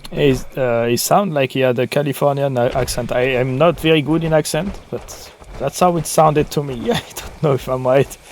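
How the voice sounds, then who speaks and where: A man's voice: medium pitch, fairly even intonation, normal speed, few pauses, slight background noise. Muttering gamer man. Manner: muttering to himself while searching. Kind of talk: casual gameplay commentary.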